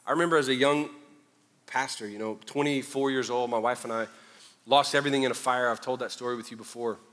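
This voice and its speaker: A man's voice: mid-range voice, steady tone, fast, fairly bright tone, big-room sound. A male pastor preaching a sermon, mixing conversational asides and self-deprecating humor with mounting fervor.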